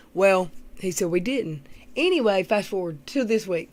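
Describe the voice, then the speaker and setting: A woman's voice: mid-range voice, expressive, normal speed, darkish tone. A woman hosting a livestream, chatting casually with viewers in a blunt, rambling, gossipy way. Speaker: livestream host. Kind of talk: casual chat with live viewers.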